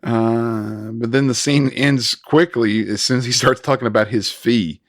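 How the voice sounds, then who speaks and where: A man in his thirties co-hosting a casual film review chat, recapping scenes with quick asides and frequent laughs. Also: medium pitch, dry recording, studio quality. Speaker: podcast co-host.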